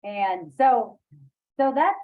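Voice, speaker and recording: Halting woman on a tinny call. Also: a little high, animated. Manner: halting, many fillers and restarts, laughs often. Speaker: workshop leader. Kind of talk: online poetry workshop discussion.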